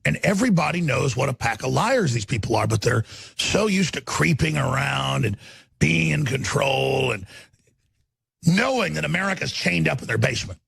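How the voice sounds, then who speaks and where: A male radio talk show host delivering a fiery on-air rant, swinging from shouted outbursts to low muttering. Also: animated, normal speed, vocal fry, breathy edge, no echo.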